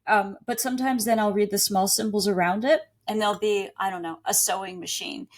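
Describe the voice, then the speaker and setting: A woman guest in an interview, a psychic reader, calmly explaining how she reads symbols. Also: medium pitch, brisk. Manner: calm, explanatory, laughs easily. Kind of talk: explaining her practice in an interview.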